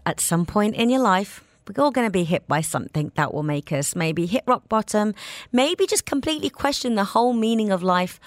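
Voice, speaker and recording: A woman's voice: mid-range voice, no room sound. A woman hosting a talk show, interviewing a guest in a playful way and asking curious questions.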